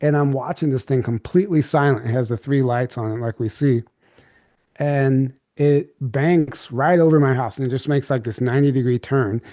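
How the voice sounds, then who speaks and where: Recorded close and dry with no room sound, this podcast guest speaks at normal speed in a medium-pitched, mellow, dark voice. He rambles through a candid story, packed with fillers and many restarts.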